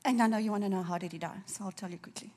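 A woman preaching a sermon, fervent and emotional, dropping to a soft near-whisper at tender moments. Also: mid-range voice, racing.

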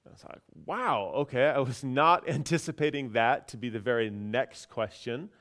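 A pastor telling a personal story in a casual, chatty sermon, with many fillers and restarts. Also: male voice, medium pitch, moderate pace, a bit bright.

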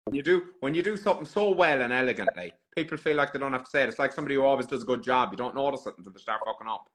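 Irish guy on a live chat, dry jokes, bright voice. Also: medium pitch, expressive, rapid-fire. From Ireland. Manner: dry, joking, understated. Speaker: guest. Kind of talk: casual chat on a live stream.

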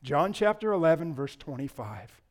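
A man preaching a sermon as pastor, rising to loud impassioned lines and dropping low, with playful asides to the congregation. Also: big pitch swings, normal speed.

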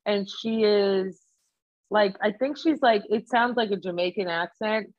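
Foul-mouthed woman telling animated stories. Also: medium pitch, measured pace, dull audio. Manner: swears a lot, animated storytelling. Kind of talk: casual chat.

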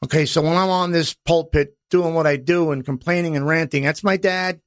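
A middle-aged man hosts his own podcast, talking in a blunt, profane, gruff wise-guy way. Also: a little high, fairly even intonation, brisk, no room sound, clean studio sound. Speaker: podcast host. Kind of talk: personal podcast monologue.

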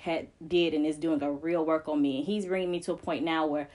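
A woman's voice: low voice, steady tone, fairly quick, darkish tone. A woman co-hosting a faith podcast, speaking earnestly and emphatically, with repeated phrases that build like preaching. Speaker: podcast co-host.

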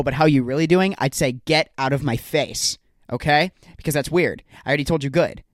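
A man's voice: mid-range voice, no echo, clean studio sound. A young man hosting a solo podcast, rambling in a jokey, self-deprecating way. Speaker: podcast host.

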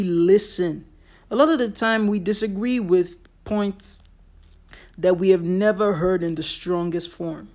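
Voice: medium pitch, darkish tone. Earnest podcaster who repeats for emphasis. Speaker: podcast host. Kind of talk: solo motivational podcast monologue.

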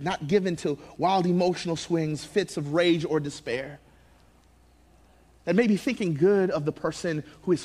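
A young man preaching a sermon to his church as pastor, animated, swinging from hushed asides to loud, excited bursts and laughing at himself. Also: on the high side, breathy edge.

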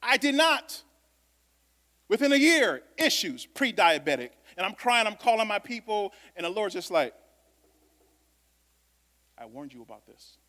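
A man preaching a sermon to a congregation, talking conversationally, with loud bursts of emphasis and quiet asides. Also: high-pitched, big pitch swings, normal speed. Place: church sanctuary. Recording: long reverb of a church hall.

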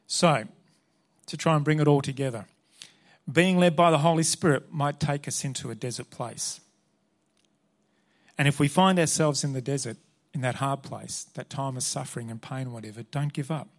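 A man's voice: mid-range voice, normal speed, long pauses. A man preaching a sermon, earnest and emphatic as he reads Scripture and drives his points home. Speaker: pastor.

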